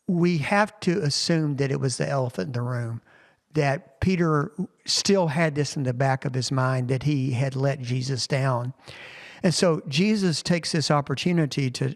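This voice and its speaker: A man's voice: medium pitch, big-room sound. A man, a pastor, casually retelling a Bible story as a podcast recap of his sermon. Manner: conversational retelling of scripture stories.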